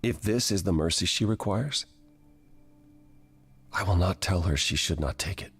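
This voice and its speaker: An actor playing a calm male sun god in a video game, gently persuasive. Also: deep voice, moderate pace. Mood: gentle.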